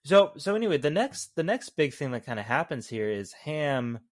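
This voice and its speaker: A man's voice: fairly high pitch, very animated, moderate pace, no echo, studio quality. A man co-hosting a podcast, chatting casually about a film in a loose, rambling way and correcting himself as he goes. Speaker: podcast co-host. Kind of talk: casual movie review chat.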